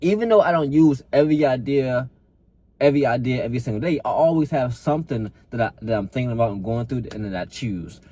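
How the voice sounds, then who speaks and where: A man's voice: medium pitch, lively intonation, fast talker, warm tone. A man, a fitness coach, giving a blunt, profane, repetitive motivational talk to camera and calling the listener bro.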